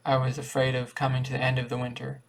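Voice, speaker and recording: A man voicing a calm, devout old uncle on his deathbed, speaking quietly and tenderly. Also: medium pitch, fast, vocal fry, lightly acted.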